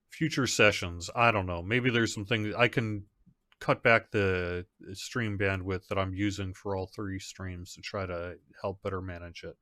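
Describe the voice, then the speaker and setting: A man's voice: deep voice, a bit bright, no room sound, clean studio sound. A man, the community manager of a game, hosting a casual live stream from home; he rambles conversationally, with fillers and restarts. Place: home setup.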